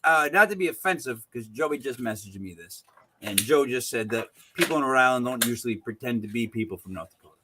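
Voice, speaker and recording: A man's voice: medium pitch, lively intonation, quick pace, noisy background. A male podcast host who chats casually and teases his guest. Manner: joking, teasing. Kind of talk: casual chat.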